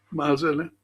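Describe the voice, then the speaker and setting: A man's voice: fairly high pitch, a bit bright, husky. An older man with a Liverpool accent hosting a livestream, chatting casually, reading out viewers' messages and telling stories with swearing and laughter. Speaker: livestream host reading chat. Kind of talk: casual chat.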